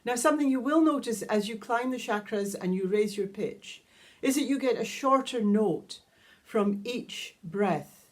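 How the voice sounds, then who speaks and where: A woman teaching a guided vocal toning lesson, calmly explaining each step and singing long vowel tones. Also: fairly high pitch, measured pace. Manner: calm, instructive, demonstrates sustained vowel tones. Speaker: sound healing teacher.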